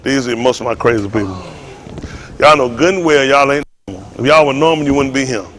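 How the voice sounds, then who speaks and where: A man preaching to a congregation in a joking, storytelling way, laughing and shouting often. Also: medium pitch, lively intonation, a little fast, a little hiss or hum. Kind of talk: comic sermon talk to a congregation.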